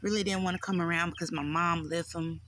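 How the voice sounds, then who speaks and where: A woman telling her life story to camera, in a halting, emotional way with pauses. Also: lowish voice, fairly even intonation, fairly bright tone, a little hiss or hum.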